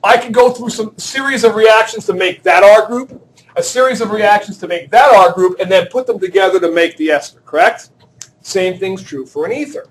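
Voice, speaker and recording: In a classroom, a male chemistry teacher whose voice sits high talks at normal speed. He works through problems, jokes about himself, and asks students questions.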